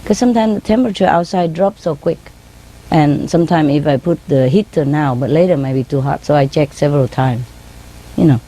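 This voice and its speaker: Her voice sits low and dark, moving a little fast, and the recording is rough. Speaking as a spiritual teacher, the woman tells an audience informal stories in non-native English grammar, repeating "you know," laughing often and mimicking how her birds call.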